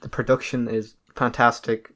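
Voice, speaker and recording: A man co-hosting a casual podcast, talking in a flat monotone. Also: medium pitch, moderate pace. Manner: monotone delivery. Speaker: podcast co-host.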